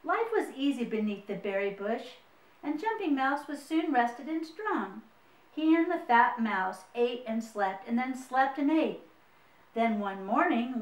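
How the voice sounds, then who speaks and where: A woman reads a children's picture book aloud in a rather high voice, stopping for friendly asides to her listeners. She sits some way from the mic in a roomy, echoing space. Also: expressive, unhurried, distant mic. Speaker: storyteller. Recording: roomy, mic set away.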